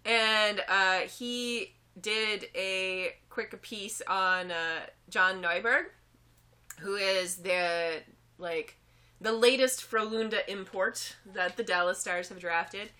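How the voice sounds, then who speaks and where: A woman co-hosting a casual sports chat podcast, excitable, breaking into loud cheers and laughter. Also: mid-range voice, takes it slowly, smooth. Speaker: podcast co-host. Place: Boulder area.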